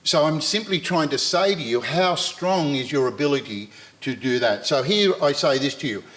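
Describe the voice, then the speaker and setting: A man's voice: on the high side, expressive, normal speed, fairly bright tone. An Australian man in his sixties, speaking earnestly on a live panel and addressing the audience directly, with frequent repetition. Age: 60s. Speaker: panel speaker and university lecturer.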